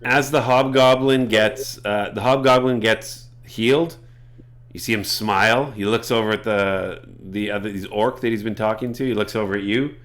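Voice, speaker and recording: A man's voice: on the low side, steady tone, moderate pace, a bit bright. A man narrating a tabletop game as game master, chatty with self-deprecating asides.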